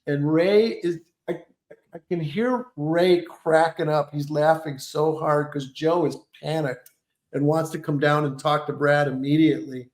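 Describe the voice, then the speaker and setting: A man, a comedian guest from Detroit, telling animated stories and slipping into voices. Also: a little high, measured pace. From Detroit, Michigan. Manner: animated, lots of voices and laughs. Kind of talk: storytelling with impressions. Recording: roomy echo.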